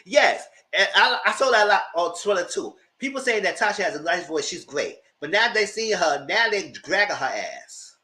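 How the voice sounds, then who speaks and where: A man's voice: sits high, big pitch swings, normal speed, few pauses, pushed and bright. A man giving a casual live review of a reality TV show, retelling scenes with exasperation and cursing.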